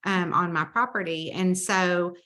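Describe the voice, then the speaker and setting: Bright-voiced Southern woman storyteller. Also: fairly low pitch, measured pace. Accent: Southern American. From Southern United States. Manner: chatty, animated storyteller who acts out dialogue. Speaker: mystery author, interview guest. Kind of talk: casual storytelling interview.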